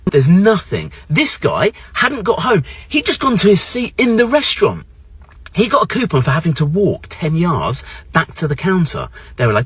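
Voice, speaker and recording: British man, vlogger, husky, lively intonation, chatty anecdote. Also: on the high side, moderate pace, no room sound. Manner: animated, mimics voices in anecdotes. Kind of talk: casual storytelling to camera.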